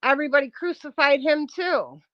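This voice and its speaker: A woman's voice: high-pitched, lively intonation, normal speed, no room sound, dull audio. A woman on a live stream, ranting bluntly and confrontationally at her chat and swearing often. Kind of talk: heated live-stream rant.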